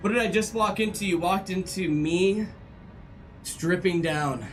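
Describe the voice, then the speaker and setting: A man's voice: high voice, a little slow, faint music behind, poor audio. A male game streamer chatting casually and joking with his live chat. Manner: joking, playful banter with chat.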